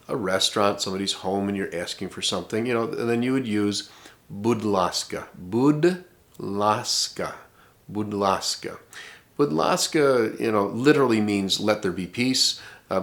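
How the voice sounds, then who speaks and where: A middle-aged man teaching vocabulary in a casual way, saying each word slowly and more than once, with many fillers. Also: on the low side. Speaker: language teacher.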